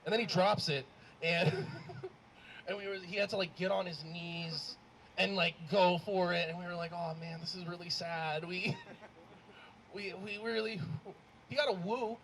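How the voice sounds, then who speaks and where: A man doing a stand-up comedy set on a club stage, rambling and animated with lots of fillers. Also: high-pitched, measured pace. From Arab American. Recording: live club mic with faint crowd noise.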